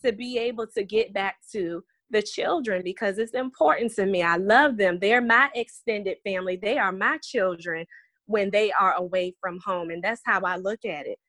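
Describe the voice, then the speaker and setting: A woman in her thirties talks as a guest teacher in an earnest, reflective way, her voice at an ordinary pitch for a woman. The sound is dry and close, with no room around it. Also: moderate pace, fairly bright tone, no room sound. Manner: earnest, reflective, reads letters aloud. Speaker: special education teacher, guest. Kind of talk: heartfelt interview talk.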